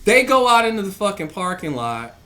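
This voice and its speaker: A man in a casual podcast chat, telling profane, animated stories and acting out loud quotes. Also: sits high, a little fast.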